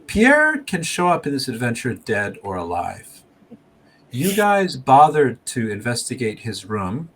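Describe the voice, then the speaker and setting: A man's voice: medium pitch, fairly bright tone, slight background noise. A man running a tabletop game as game master, describing scenes and explaining rules.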